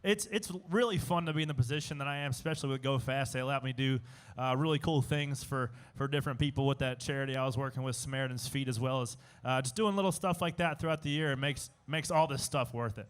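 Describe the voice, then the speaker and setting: A man's voice: mid-range voice, quick pace, clear, resonant tone. A young man, a race car driver, chatting in a casual interview, rambling with many fillers and restarts. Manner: rambling, self-interrupting, with filler words and laughs. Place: outdoor live show stage at a racetrack.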